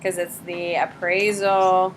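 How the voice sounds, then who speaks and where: A woman teaching a high school psychology class, blunt and lively, acting out examples in quoted voices. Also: takes it slowly, slight background noise. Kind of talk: classroom lecture.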